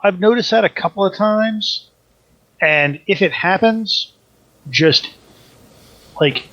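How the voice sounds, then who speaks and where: A man co-hosting a casual podcast chat, joking and swearing in a relaxed way. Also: high voice, takes it slowly, no room sound, dull audio. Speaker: podcast co-host.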